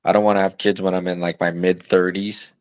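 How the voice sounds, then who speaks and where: A man's voice: low voice, level tone, brisk, no echo. A young man in his twenties, a new father of twins, chatting loosely on a podcast with lots of fillers and the odd curse. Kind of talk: casual chat.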